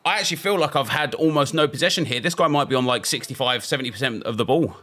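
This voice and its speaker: Bright-voiced man commentating a game. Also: medium pitch, fast talker. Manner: excitable, frustrated outbursts, self-talk while playing. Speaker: video game streamer. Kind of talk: casual gameplay commentary.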